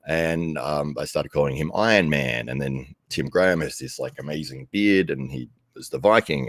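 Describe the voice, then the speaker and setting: A man's voice: extremely low pitch, moderate pace, vocal fry, few pauses, a bit bright, no echo, clean studio sound. A middle-aged man working as an arm wrestling commentator tells a rambling, casual story, chuckling often and growing livelier when he quotes himself.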